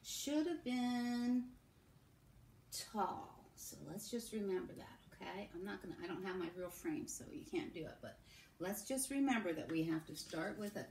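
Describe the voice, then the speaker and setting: A woman teacher giving a recorded phonics lesson to young children, modelling sounds and sentences slowly. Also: mid-range voice, animated, a little mellow, far from the mic. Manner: slow, sing-song, drawn-out modelling of sounds and sentences. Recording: echoey room with faint background hum.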